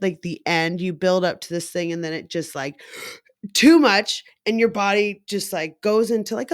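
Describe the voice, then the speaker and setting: A woman in her thirties tells her own story in a frank, profane way, leaning on "like" and "you know". Her delivery is slow and unhurried. The sound is dry and close, with no room echo. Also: mid-range voice. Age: 30s. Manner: frank and profane, filler-heavy with lots of "like". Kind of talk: candid personal story.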